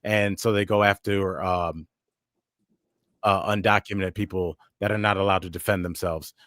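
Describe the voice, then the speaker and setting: A man's voice: sits low, steady tone, moderate pace, a bit bright, no echo, clean studio sound. A man co-hosting a news and comedy podcast, talking casually with frequent fillers and restarts. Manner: conversational, many fillers and restarts. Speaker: podcast co-host.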